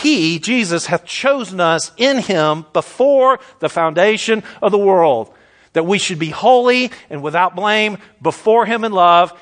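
A man's voice: sits high, a bit bright. A man preaching a sermon, fiery and emphatic, stretching out his stressed words.

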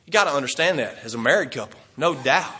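An older man preaching a sermon in a folksy, animated way, chuckling often and acting out the things people say. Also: a little high, fast, breathy edge.

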